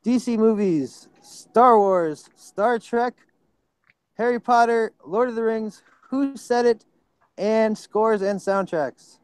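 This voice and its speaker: High-voiced excitable man hosting a trivia quiz. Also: slow pace, clean tone, no room sound. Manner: excitable, apologetic about slips. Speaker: quiz host. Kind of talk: reading trivia questions.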